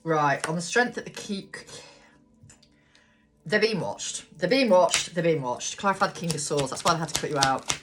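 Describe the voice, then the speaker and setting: A woman's voice: low-pitched, expressive, normal speed, pauses often, background noise. A woman doing a casual live tarot reading, chatty and blunt, swearing and talking to her cards. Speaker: tarot reader. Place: home room with a ring light.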